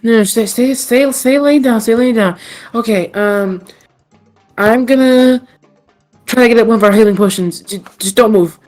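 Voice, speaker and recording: A woman's voice: medium pitch, normal speed, pauses often, darkish tone, soft background music, voice pushed up, lightly acted. A woman voicing a worried young companion who stammers anxiously over a hurt friend.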